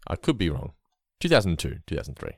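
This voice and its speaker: Animated deep-voiced man. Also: fast talker, vocal fry, no room sound, clean studio sound. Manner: animated, swears when worked up. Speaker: podcast co-host. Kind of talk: casual chat recapping an episode.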